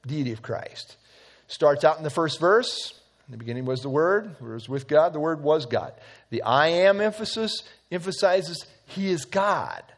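A man teaching an evening Bible study, earnest and emphatic, quoting scripture at length. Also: on the high side.

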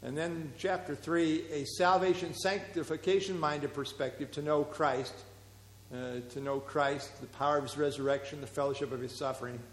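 Man, Bible class teacher, explains and asks questions, lots of fillers, slightly high voice, long hall reverb. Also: steady tone, moderate pace.

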